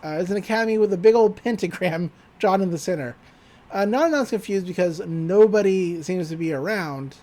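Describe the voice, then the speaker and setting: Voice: medium pitch, a little fast, a little mellow. A podcast co-host from Texas giving a rambling, profane recap of a cartoon episode and laughing often.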